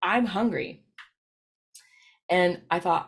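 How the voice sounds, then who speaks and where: A woman's voice: mid-range voice, moderate pace. Chatty woman presenter telling stories. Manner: chatty, storytelling, frequent "right?" tag questions. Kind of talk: recorded professional presentation.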